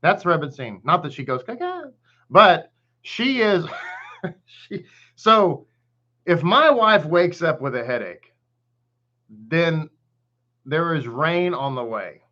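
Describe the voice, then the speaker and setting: A man's voice: fairly high pitch, animated, slow pace, pauses often, pushed and bright, muffled recording. A man with a Texan accent, a rabbi giving a casual online Torah class, greeting viewers by name and chatting freely. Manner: chatty, greets viewers by name, hums and laughs between thoughts.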